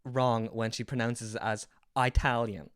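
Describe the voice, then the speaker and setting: A woman's voice: a bass voice, steady tone, a little slow, clean tone. A young woman streamer guesting on a comedy podcast, bantering casually and often laughing at herself.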